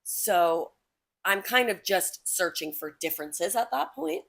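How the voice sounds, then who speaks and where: A woman's voice: mid-range voice, very animated, a little slow, gravelly, a bit bright. A young woman co-hosting a podcast, chatting casually with lots of "like" fillers as she thinks aloud. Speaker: podcast co-host. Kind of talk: casual chat.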